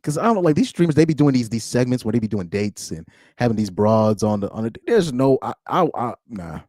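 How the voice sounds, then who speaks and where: A man's voice: medium pitch, very animated, brisk, dark tone, dry recording, clean studio sound. A man giving blunt, ranting reaction commentary, laughing often between points. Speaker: commentary streamer.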